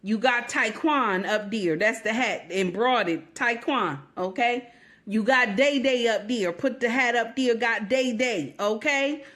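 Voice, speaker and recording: A woman's voice: on the high side, measured pace, fairly bright tone. A woman hosting a commentary show, sarcastic and mocking, repeating her lines with rising emphasis. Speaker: host.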